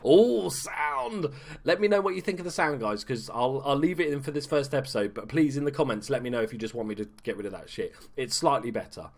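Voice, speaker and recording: A man's voice: mid-range voice, lively intonation, fast talker, few pauses. A man giving casual, chatty commentary over a video game at home, swearing freely and tossing in dry asides. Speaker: gaming YouTuber.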